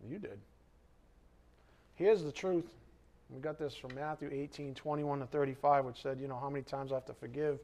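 A man's voice: mid-range voice, fairly even intonation, a little fast, a little mellow. A male pastor preaching a sermon to his congregation in a church hall, firing questions at them and rising sharply when worked up.

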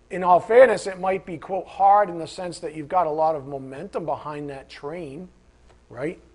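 A man preaching a sermon in a conversational, emphatic way, acting out imagined voices of his listeners. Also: fairly high pitch.

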